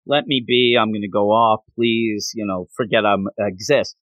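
A man's voice: on the low side, steady tone, moderate pace, a bit bright, dry recording, lo-fi sound, pitched below the performer's own voice, lightly acted. A man voicing a tearful young female student who talks hurriedly. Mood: evasive.

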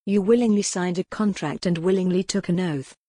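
A woman reading an audiobook voices a cool, mocking man who leads a sinister order, with a smooth, sardonic manner. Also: on the low side, fairly quick, warm tone, no room sound, studio quality, lightly acted. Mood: cold.

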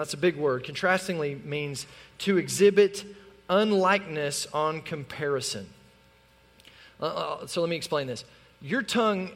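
A male pastor preaching an animated sermon in a church, acting out the lines he quotes. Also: fairly high pitch. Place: church sanctuary. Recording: long reverb of a large hall.

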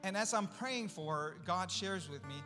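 A middle-aged man gives a guest sermon, telling a personal story conversationally and acting out each exchange. His voice sits a touch high for a man, and it carries a long hall reverb over faint guitar music. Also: expressive, normal speed, pushed and bright. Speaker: guest speaker. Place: church sanctuary.

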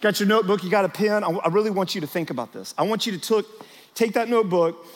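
A man's voice: sits high, quick pace. A man preaching a sermon to church leaders as their pastor, telling stories with energy and speaking straight to the crowd in a large church auditorium. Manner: animated storytelling, talks straight to the crowd. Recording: long reverb of a large church hall.

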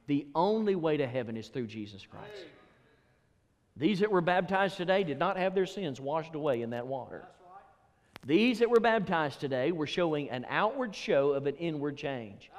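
A male pastor preaching with a rather high, very animated voice that climbs and dips for emphasis. He hammers home key phrases by repeating them. A long reverb trails each line. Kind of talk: sermon.

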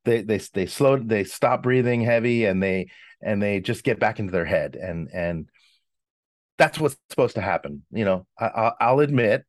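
A man talks through what breathwork does to people, pausing and restarting as he reflects. His voice sits on the low side for a man. The sound is dry and close, with little room around it. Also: animated, dry recording. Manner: reflective, explanatory, frequent restarts. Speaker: breathwork facilitator. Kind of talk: casual podcast conversation.

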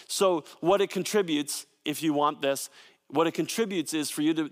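A man preaching a sermon in an animated, conversational way, with frequent asides to his listeners. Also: a little high. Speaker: pastor. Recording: long hall reverb.

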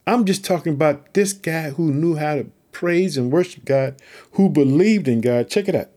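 Fervent high-voiced preacher man. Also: moderate pace, dark tone. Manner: fervent, calls out to listeners as family; repeats catchphrases between verses. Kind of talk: Bible teaching talk.

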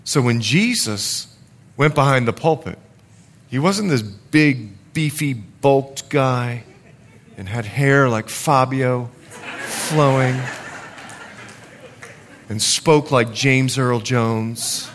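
A man preaching a sermon, animated, with jokes and asides to the congregation. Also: medium pitch, slow pace, long pauses, a little hiss or hum. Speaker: pastor.

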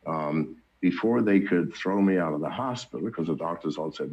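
A man's voice: low-pitched, moderate pace, hardly any pauses, a little mellow, breathy edge. An older man telling his story in casual, blunt, profane talk, chuckling between anecdotes. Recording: dull lo-fi recording.

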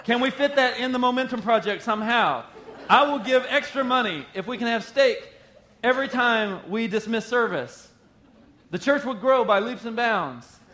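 A man voicing an overjoyed churchgoer who gushes with flattery. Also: very high-pitched, moderate pace, slight background noise, pitched above the performer's own voice, full character voice. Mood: thrilled. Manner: gushing and flattering. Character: gushing, overjoyed churchgoer promised free steak.

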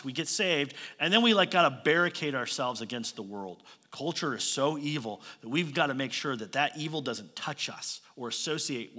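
A man's voice: mid-range voice, sharp tone. A male pastor preaching a sermon in a church, conversational, with pointed rhetorical questions and light joking asides. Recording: long reverb of a large hall.

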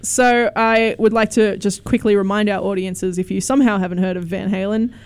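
A woman's voice: mid-range voice, fairly even intonation, a little fast, darkish tone, clean tone. Chatty woman radio host. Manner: chatty, laughs often, asks questions. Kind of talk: casual radio chat.

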